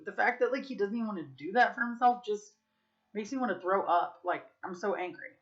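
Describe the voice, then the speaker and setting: A woman's voice: a little high, expressive, a little fast, dull audio. A woman vlogging in a candid, casual confessional chat, swearing freely and saying "like" and "dude" a lot. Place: Las Vegas.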